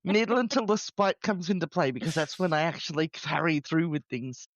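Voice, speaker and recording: A man's voice: a little high, a little fast, no echo, highs cut off. Chatty laughing male podcast co-host. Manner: chatty, laughs often, self-deprecating. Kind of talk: casual chat.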